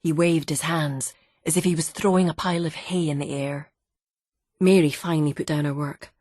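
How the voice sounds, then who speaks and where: A female audiobook narrator reads a novel from a script in a measured, even storytelling style. Her voice is low, and the recording is dry with clean studio sound.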